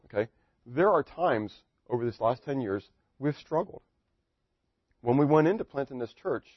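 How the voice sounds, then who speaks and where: A man's voice: mid-range voice, no room sound, highs cut off. A middle-aged man preaching as a pastor, in a joking, conversational way, full of rhetorical questions to his congregation. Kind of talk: sermon.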